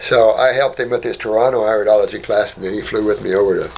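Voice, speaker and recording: A man with a lowish voice talks quickly over a noisy background. He hosts a casual health talk, answering viewer questions in a rambling, folksy way and calling listeners "honey."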